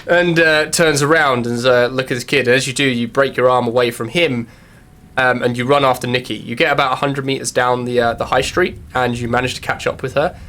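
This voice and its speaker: A man's voice: medium pitch, steady tone, a little fast, fairly bright tone. A man narrating as game master, hesitant and full of fillers.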